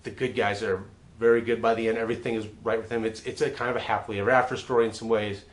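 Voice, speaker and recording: A man's voice: fairly low pitch, flat delivery, racing. A man hosting his own film review show, talking through a classic western in a casual, chatty way and often repeating words as he restarts a thought. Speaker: movie reviewer.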